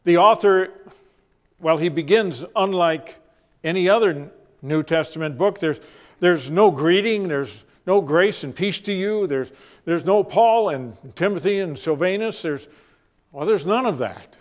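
A man preaching a sermon, telling stories and repeating phrases for emphasis, shifting between loud and hushed delivery. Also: high voice. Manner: dramatic storytelling with pauses, acts out quoted voices.

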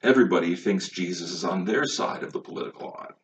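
A man's voice: low-pitched, quick pace, a little hiss or hum. A man preaching a sermon, emphatic and full of rhetorical questions, recorded on a distant mic with a dull, lo-fi sound. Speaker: pastor.

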